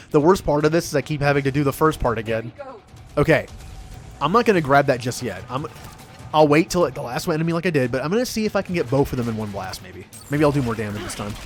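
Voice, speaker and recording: A man's voice: mid-range voice, a little hiss or hum. Chatty man streaming a game. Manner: chatty and excitable, yelps and laughs at the game. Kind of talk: casual gameplay commentary.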